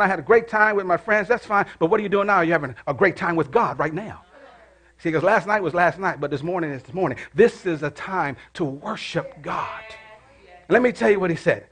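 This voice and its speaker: A middle-aged man preaching a sermon in church, calling out to the congregation and dropping to hushed prayer. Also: sits high. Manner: call-and-response preaching, rising to shouts and dropping to hushed prayer. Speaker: pastor.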